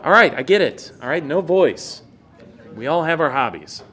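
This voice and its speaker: A man's voice: a little high, expressive, normal speed, a bit bright. A man co-hosting, eagerly explaining a video game in casual chat. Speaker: co-host.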